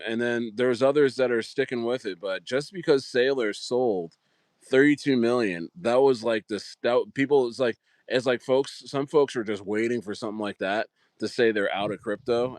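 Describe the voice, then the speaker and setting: A man's voice: mid-range voice, moderate pace, no room sound, clean studio sound. A man hosting a casual livestream, chatting in a rambling way with lots of fillers and restarts. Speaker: livestream host.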